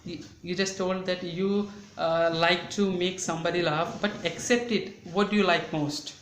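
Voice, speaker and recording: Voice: medium pitch, steady tone, normal speed, fairly bright tone, slight background noise. English teacher quizzing students, repeats answers back, teases a bit, echoey room. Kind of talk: classroom interview.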